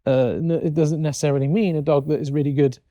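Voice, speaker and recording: A man's voice: fairly high pitch, fairly even intonation, fast, mellow, no room sound, dull audio. A man hosting a casual talk on dog training, thoughtful and rambling with fillers. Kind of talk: casual conversation.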